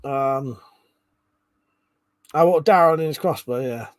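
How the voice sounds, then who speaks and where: A man's voice: medium pitch, slow, no echo. Man, casual livestream chat, swears a lot, dry close sound. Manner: casual, swears freely, chuckles while reading comments. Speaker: livestream host reading chat.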